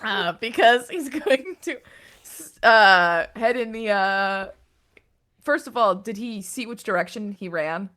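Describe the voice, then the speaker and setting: A woman chatting as a player in a tabletop game, animated and quick to laugh. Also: medium pitch. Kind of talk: casual tabletop game chat.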